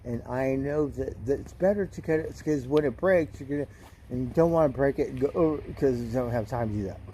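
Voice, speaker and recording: A man's voice: mid-range voice, a little fast, mellow, a little hiss or hum. A man casually chatting with his stream viewers, telling rambling, profane stories. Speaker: livestream host.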